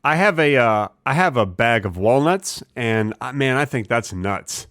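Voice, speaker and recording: Male podcast co-host, deadpan absurdist, mid pitch, dry booth sound. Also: a little slow, no echo. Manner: deadpan, absurd rambling jokes. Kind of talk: casual comedic chat.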